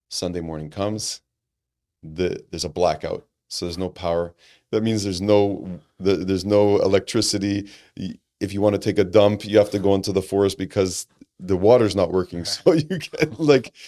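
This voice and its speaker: Deep-voiced man, earnest podcast storyteller, animated delivery with restarts. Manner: animated, acts out quoted dialogue, frequent restarts; earnest and reflective. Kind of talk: conversational storytelling.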